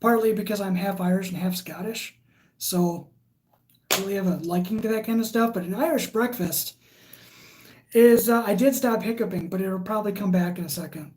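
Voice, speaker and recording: A woman's voice: mid-range voice, moderate pace, a little mellow. Chatty woman hosting a livestream. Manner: chatty and rambling, with frequent fillers. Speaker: livestream host. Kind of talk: casual live chat, reading viewer comments aloud.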